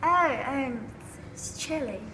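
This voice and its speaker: A woman doing a bubbly fake-British girl, high-voiced. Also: animated, slow, pushed and bright, slight background noise, full character voice. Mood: chirpy. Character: young woman faking a British accent.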